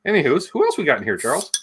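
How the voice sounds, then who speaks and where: A Canadian man co-hosting a casual livestream chat, joking and bantering with some swearing. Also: a little high. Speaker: co-host.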